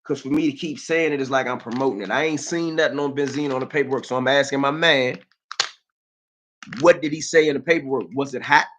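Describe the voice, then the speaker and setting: Animated, bright-voiced DC man ranting. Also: medium pitch, fast, a little hiss or hum. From Washington, DC. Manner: animated, mocking, streetwise banter. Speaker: live-stream host. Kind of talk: live-stream commentary.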